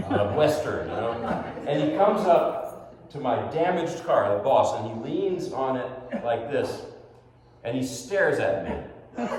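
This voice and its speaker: Man from New Jersey, animated storyteller, mid pitch, echoey hall, long reverb. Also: a little hiss or hum. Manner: animated, often laughing as he tells it. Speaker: classical pianist telling a story. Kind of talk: personal anecdote storytelling.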